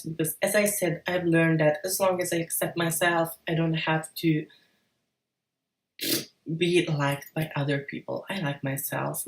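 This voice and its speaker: A woman's voice: sits low, recorded from a distance. A woman giving frank, encouraging advice in a casual vlog, with the odd swear word. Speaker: vlogger. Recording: roomy echo, off-mic.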